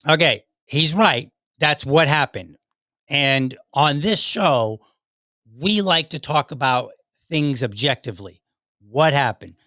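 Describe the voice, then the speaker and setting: A man's voice: a little high, lively intonation, slow pace, bright, forceful tone, no room sound, clean studio sound. A man hosting a podcast, giving casual commentary in a rambling way with many fillers and restarts. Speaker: podcast host.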